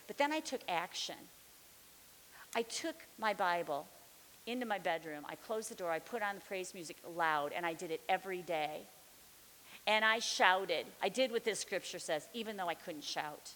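A woman's voice: medium pitch, animated, moderate pace, a bit bright. A middle-aged woman teaching the Bible, sharing a testimony with fervent, building declarations. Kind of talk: testimony during a sermon. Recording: long reverb with faint hiss.

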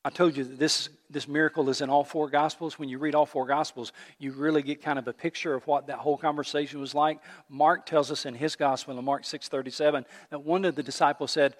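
A male pastor preaching a sermon with animated storytelling. He asks the congregation rhetorical questions. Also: fairly high pitch, a little fast, few pauses, long reverb tail.

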